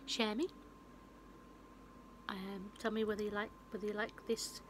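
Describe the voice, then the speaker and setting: A woman's voice: medium pitch, level tone, measured pace, slight background noise, low-quality recording. A woman chatting on her vlog, rambling through a film plot with lots of fillers and restarts, recorded on a phone. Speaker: vlogger and film reviewer. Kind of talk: casual retelling of a film plot.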